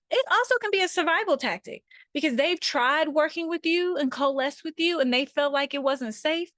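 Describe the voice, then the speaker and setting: A woman's voice: high voice, normal speed, hardly any pauses, fairly bright tone, dry recording, studio quality. A woman facilitating an online workshop over a video call, talking conversationally and often checking in with her listeners.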